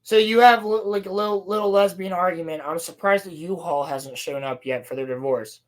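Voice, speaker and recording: A woman's voice: fairly low pitch, a little fast. Sarcastic, swearing woman podcast host. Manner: sarcastic, profane, mocking impressions of characters. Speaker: podcast host reviewing a TV episode. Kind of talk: casual sarcastic recap.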